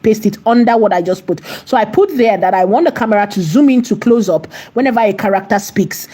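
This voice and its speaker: A woman's voice: medium pitch, warm tone, slightly rough. A woman walking viewers through an AI video tutorial, repeating herself and checking in with "okay?" and posing rhetorical questions. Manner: repetitive, checks in with "okay?" and "right?". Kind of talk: screen-recorded tutorial walkthrough.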